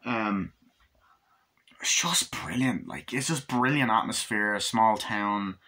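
A young man giving a casual spoken film review, rambling and acting out scenes in quick impressions. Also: lowish voice, expressive, bright, forceful tone. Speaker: movie reviewer.

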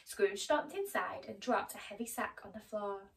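A woman storyteller reading a children's story aloud in a gentle, expressive way. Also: medium pitch, normal speed, gravelly, far from the mic, low-quality recording. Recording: voice a little off-mic.

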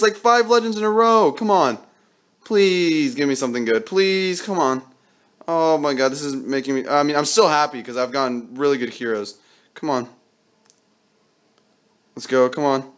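Young man, gameplay commentary, excitable, begging the game, bursts of yelling, average pitch. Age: young adult. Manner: excitable, pleading with the game, yells when lucky. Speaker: mobile game YouTuber.

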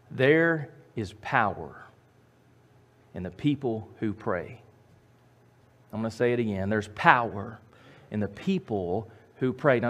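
A man preaching a sermon as pastor, emphatic, repeating his phrases and swinging from loud to quiet. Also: fairly low pitch.

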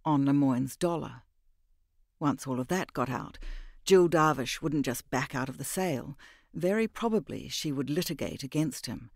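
A male audiobook narrator with a mid-range voice, telling the story at an even, measured clip. He is recorded close and dead dry, with no room sound at all. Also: medium pitch, dry recording. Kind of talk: scripted narration.

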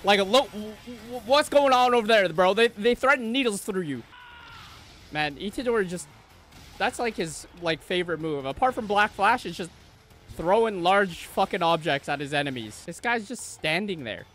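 A man reacting to an anime episode with excitable, profane slang, swinging between shouted outbursts and low mutters. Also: moderate pace. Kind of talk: live anime reaction commentary. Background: faint anime soundtrack music.

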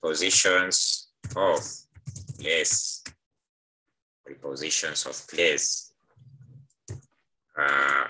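Kenyan male teacher, low voice, hesitant, on a video call; bright and a touch husky. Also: rough recording. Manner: hesitant, many uh fillers. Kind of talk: live online class.

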